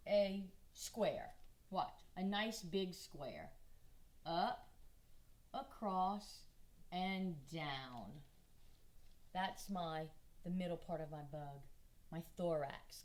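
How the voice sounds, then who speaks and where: In a mid-range voice with a darkish tone, an art teacher with a Southern US accent leads kindergartners through a drawing lesson. She speaks slowly to the little ones, staying patient and encouraging throughout.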